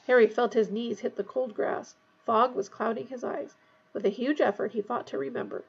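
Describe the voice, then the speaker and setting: A woman narrating a fantasy novel aloud in a tense, hushed storytelling manner. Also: on the high side, normal speed, gravelly, breathy edge, lo-fi sound. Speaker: audiobook reader.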